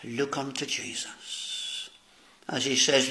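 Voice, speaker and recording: A man's voice: on the high side, gravelly, a bit bright. A man preaching a solemn sermon, addressing "dear friends" and quoting old-style scripture. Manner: slow, solemn preaching with archaic scripture phrasing.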